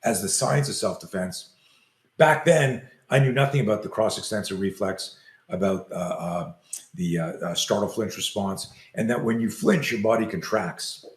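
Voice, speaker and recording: In an echoey, roomy recording, an older man, a self-defense coach, speaks at a normal speed in a fairly low voice. He's an animated storyteller, acting out the dialogue in a long tale he tells during an interview.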